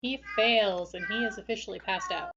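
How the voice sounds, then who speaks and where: A woman running a tabletop game as game master, giving brisk, matter-of-fact rulings. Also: mid-range voice, a bit bright, lo-fi sound, a little hiss or hum.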